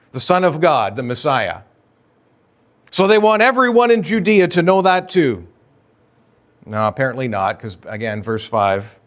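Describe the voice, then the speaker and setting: A male pastor gives an expository sermon in a relaxed, conversational tone. He keeps asking the listeners rhetorical questions, and his voice sits a little high for a man.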